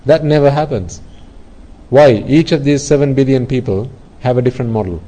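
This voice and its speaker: A man of medium pitch and dark tone speaks at normal speed over poor audio, giving an earnest Buddhist dharma talk. The teacher clarifies ideas through everyday examples and tends to repeat himself.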